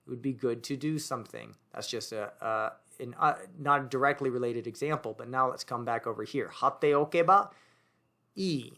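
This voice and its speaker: Speaking at a moderate pace in a sharp, medium-pitched voice, a male grammar teacher writes on the board and explains. His thinking-aloud delivery includes relaxed fillers and self-corrections.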